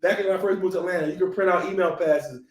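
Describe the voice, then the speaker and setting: A man's voice: sits high, fast talker, crowd noise. A man from Philadelphia hosting a podcast, telling stories in casual chat with lots of swearing and laughter. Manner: animated, profane, laughing storyteller. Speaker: podcast host. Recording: roomy echoey room.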